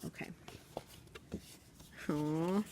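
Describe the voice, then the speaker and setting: A woman's voice: deep voice, drawn-out words, mellow, slight background noise. A woman who teaches elementary school, chatting casually in a vlog from her classroom desk. She talks in a bubbly, chatty way and giggles often.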